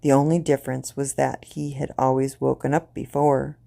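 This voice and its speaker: Creaky, deep-voiced woman storyteller. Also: little pitch movement, mellow. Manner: slow, deliberate, grim reading. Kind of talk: reading a short story aloud.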